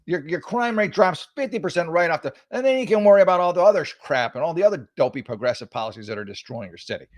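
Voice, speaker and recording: A man's voice: a little high, lively intonation, fast talker, no echo, highs cut off. A male talk show host giving casual political commentary in a sarcastic, mocking, rambling way with many restarts.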